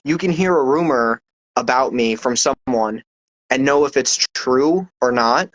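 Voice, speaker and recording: Poet guest, male, confident and emphatic, keeps asking "right?", mid pitch, dry close mic. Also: a little slow, a bit bright, no echo, poor audio. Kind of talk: casual interview chat.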